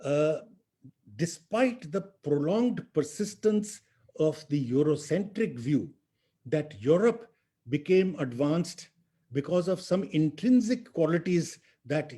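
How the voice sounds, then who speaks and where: A man's voice: medium pitch, warm tone, breathy edge. An older man, a history professor giving a public lecture, emphatic and sprinkling rhetorical asides and tag questions. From India.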